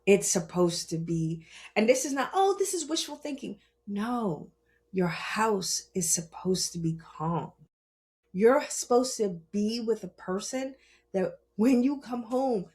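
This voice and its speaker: Woman, podcast host, spiritual healer, personal storytelling, animated, loud then hushed, laughs often. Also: medium pitch. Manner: animated, swings between loud emphasis and hushed asides, laughs often, profane.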